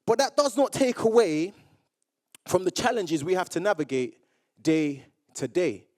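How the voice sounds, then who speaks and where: Animated high-voiced man giving a speech. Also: a little slow. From Jamaica. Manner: animated storyteller who acts out remembered dialogue. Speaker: public speaker. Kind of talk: motivational speech to a live audience. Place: awards event room with audience.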